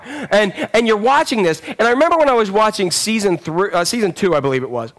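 Pastor in his 40s, high-pitched, loose conversational sermon delivery, animated storyteller. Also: quick pace. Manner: conversational, rambling with fillers and restarts.

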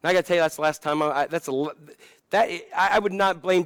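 A man's voice: on the high side, quick pace, no echo, clean studio sound. A man preaching a sermon, talking in a conversational, self-deprecating way that builds to impassioned emphasis. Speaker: pastor.

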